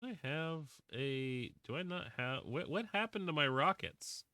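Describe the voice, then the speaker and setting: A streamer with a Southern drawl speaks in a slightly high, animated, sharp-toned voice without hurrying. He rambles through casual gameplay chat, restarts often and reads viewers' comments aloud, with no room sound in the recording.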